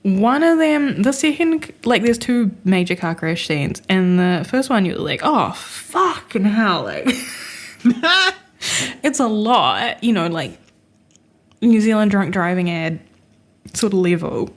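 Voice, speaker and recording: A woman's voice: medium pitch, sing-song, slow, pauses often. A woman co-hosting a film podcast in casual chat, laughing often as she rants. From Australia. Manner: laughing, mocks accents with put-on voices. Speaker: podcast co-host.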